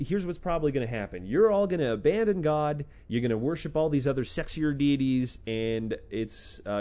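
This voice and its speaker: A man's voice: medium pitch, warm tone. A man casually retelling scripture stories in a sarcastic, profane way, breaking into acted-out quotes. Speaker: podcast host retelling a scripture book. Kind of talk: irreverent casual storytelling.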